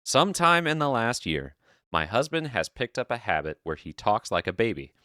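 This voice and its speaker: A man hosting a podcast, chatting casually and reading an online post aloud as an animated storyteller who swears freely. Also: mid-range voice, moderate pace, no echo, studio quality. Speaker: podcast host.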